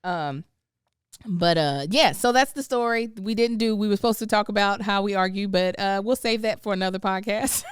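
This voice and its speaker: A woman hosts a casual podcast, her voice smooth and clean at a middle pitch. She is expressive, laughs often and leans on drawn-out words for emphasis. The sound is dry and close, with no room around it. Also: no room sound. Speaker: podcast host.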